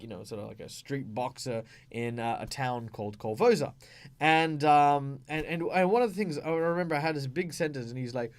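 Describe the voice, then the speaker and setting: A man with an Australian accent, hosting a tabletop gaming channel, explaining in a chatty way with many fillers. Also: on the high side. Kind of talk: casual explanatory talk.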